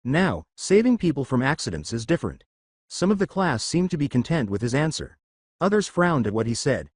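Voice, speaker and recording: A man narrating a fan story in a steady reading voice. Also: medium pitch, fairly quick, slightly rough, dry recording, studio quality. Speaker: fanfiction narrator.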